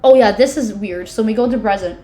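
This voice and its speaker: This podcast co-host, a woman in her twenties, speaks briskly in a warm, medium-pitched voice. She chats casually through a book summary, dropping "like" constantly and reacting with theatrical disgust.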